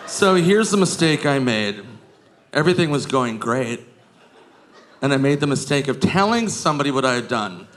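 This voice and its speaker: A man doing a stand-up comedy set on a club stage, jumping into shrieking high voices when he acts out drunk women. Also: big pitch swings, moderate pace, fairly bright tone, a little hiss or hum. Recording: live club recording with crowd laughter.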